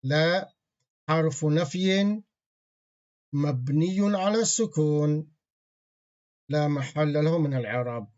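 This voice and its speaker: Guy teaching a grammar class, a bit high voice, repeats stuff slow, muffled lo-fi audio. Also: expressive, darkish tone. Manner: patient, repeats key terms slowly; reads Arabic grammar phrases quickly. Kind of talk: online grammar lesson.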